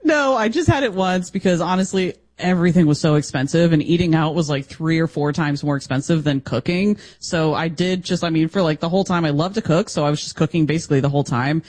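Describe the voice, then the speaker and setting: A man from the United States co-hosting a radio show, telling travel stories in an animated way and laughing often. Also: a little high, quick pace, hardly any pauses. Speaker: radio co-host. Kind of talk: casual radio chat.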